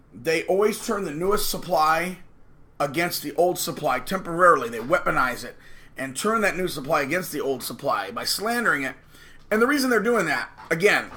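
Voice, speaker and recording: A man's voice: on the high side, pushed and bright. A man hosting his channel, talking to camera in a combative, preachy and emphatic way. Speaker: channel host. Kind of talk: casual monologue to camera.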